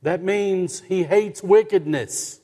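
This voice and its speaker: A man preaching a sermon as pastor, slow and emphatic, with dramatic pauses and rising stresses on key words. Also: high voice, mellow, big-room sound. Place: church sanctuary.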